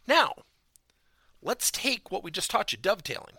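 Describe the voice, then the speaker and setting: A man's voice: high-pitched, very animated, normal speed, creaky, sharp tone, dry recording, clean studio sound. A man giving a motivational business talk as a corporate coaching trainer, stressing key words emphatically and theatrically.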